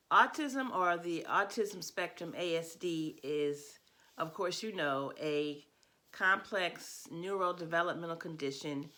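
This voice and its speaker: A middle-aged woman talks through her subject in a loose, conversational way, full of "um"s and little laughs. Her voice sits low but comes across bright and forceful, like an educator sharing what she knows. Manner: conversational, chatty with small laughs and fillers. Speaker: educator giving a talk. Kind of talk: casual spoken presentation.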